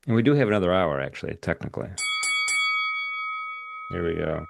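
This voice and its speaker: A man's voice: sits low, animated, brisk, vocal fry, soft background music. A man hosting a live trading stream, chatting casually and joking with guests, with many filler words. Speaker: host of a live trading show. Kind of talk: casual livestream sign-off chat.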